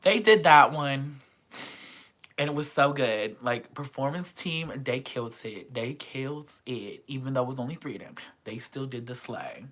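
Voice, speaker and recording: A vlogger chatting casually and excitedly about a concert, full of slang and swearing. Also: mid-range voice, moderate pace. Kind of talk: casual chat.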